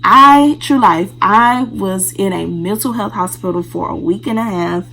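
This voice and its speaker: A woman vlogging to camera, telling her own story in a frank, conversational way. Her voice sits at an ordinary middle pitch. She speaks directly to the people watching, with a faint hum behind her. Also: a little slow, vocal fry, sharp tone, rough recording. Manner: candid, talks straight to viewers.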